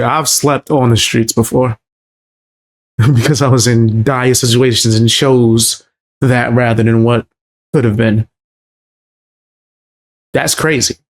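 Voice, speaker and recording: A man streaming a casual live reaction to a video, blunt and slangy, calling things crazy and out of pocket. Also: medium pitch.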